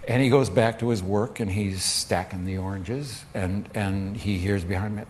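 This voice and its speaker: A man's voice: lowish voice, steady tone, normal speed, few pauses, slight background noise. A man casually telling a joke, with small restarts along the way.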